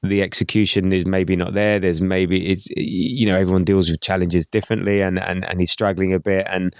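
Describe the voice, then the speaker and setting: Man, podcast co-host, stop-start football chat, low voice, dry close sound. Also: level tone, clear, resonant tone, dry recording. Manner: halting, many repeated words and restarts.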